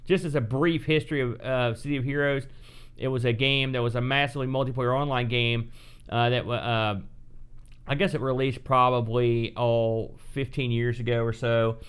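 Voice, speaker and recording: A man's voice: medium pitch, steady tone, normal speed, clear, resonant tone. A middle-aged man co-hosting a casual retro gaming chat, rambling and correcting himself as he talks. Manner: rambling, self-correcting, chatty. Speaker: podcast co-host.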